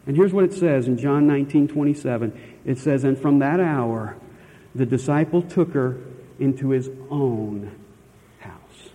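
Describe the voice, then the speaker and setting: A man's voice: medium pitch, warm tone, long reverb tail, low-quality recording. A man preaching a sermon as pastor, earnest and emphatic, stretching key words and asking the listeners questions. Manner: asks the listeners rhetorical questions.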